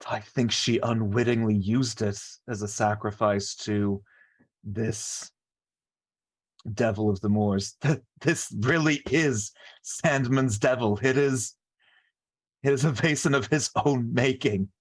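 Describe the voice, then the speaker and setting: A man's voice: medium pitch, slow. A man playing a tabletop role-playing game, often speaking in character and stammering and repeating words as he thinks aloud. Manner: stammering, repeats words while piecing things together. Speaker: player.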